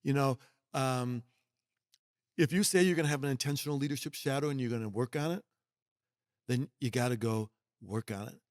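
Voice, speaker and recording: In a podcast conversation, a middle-aged guest who mentors executives speaks with folksy emphasis, at times performing quoted voices. His mid-range voice moves at a normal speed with long pauses, recorded dry at studio quality.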